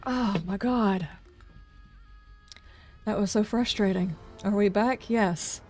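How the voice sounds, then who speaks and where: A woman's voice: medium pitch, takes it slowly, a little mellow, faint music behind. A woman game streamer chatting casually on a livestream, ranting in exasperation with sarcastic asides.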